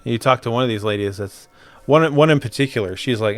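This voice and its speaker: A man's voice: medium pitch, a little fast. A young adult man in casual chat, telling a ghost story with swearing and laughter.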